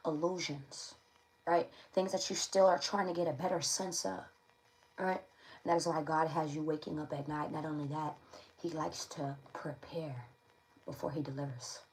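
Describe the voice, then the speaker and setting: A woman's voice: low-pitched, steady tone, moderate pace, a little mellow, poor audio. A woman giving a casual tarot reading to camera, slangy and playful, often checking in with her listeners. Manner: slangy, playful, keeps checking in with "all right?". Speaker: tarot reader.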